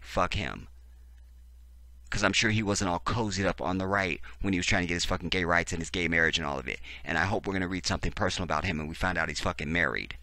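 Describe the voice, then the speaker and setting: A man's voice: low-pitched, bright, forceful tone, no echo. A man hosting a profane, sarcastic political commentary, reading text aloud and breaking in with heated reactions. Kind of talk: ranting video commentary.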